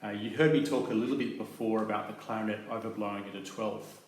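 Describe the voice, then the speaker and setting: A man explaining clarinet techniques in a calm, methodical teaching manner, with soft fillers between his points. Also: on the low side, fast talker. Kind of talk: instructional demonstration. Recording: very echoey room with faint noise.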